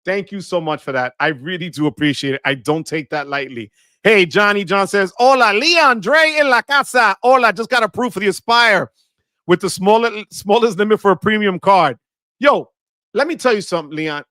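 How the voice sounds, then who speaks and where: A man hosting a live stream, greeting viewers one by one in an energetic, slangy way with Spanish words mixed in. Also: sits high, normal speed, dry recording, clean studio sound. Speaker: livestream host.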